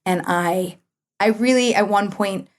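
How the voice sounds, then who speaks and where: A middle-aged woman talking casually as a guest, telling a personal story and acting out her own past lines with big jumps in pitch. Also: measured pace. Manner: animated, quotes herself with big pitch jumps. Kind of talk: conversational storytelling.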